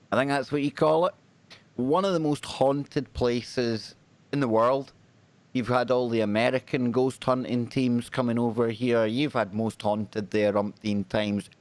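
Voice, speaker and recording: A man hosting a paranormal talk show, bantering in a chatty, jokey, energetic way. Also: mid-range voice, no echo. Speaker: radio and stream host.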